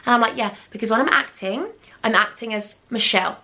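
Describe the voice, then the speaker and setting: A woman's voice: a little high, a little fast, pushed and bright. A young woman, telling a storytime in a gushing, chatty way full of pet names. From England. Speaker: beauty vlogger. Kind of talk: casual storytime chat.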